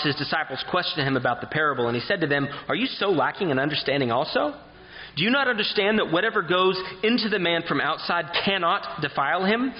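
A man's voice: a little high, long reverb tail, lo-fi sound. A man preaching an expository sermon who reads scripture aloud and asks his listeners questions.

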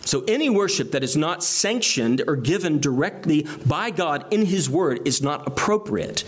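A man's voice: fairly high pitch, animated, normal speed, husky. A man preaching an expository sermon, reading and explaining scripture passages earnestly.

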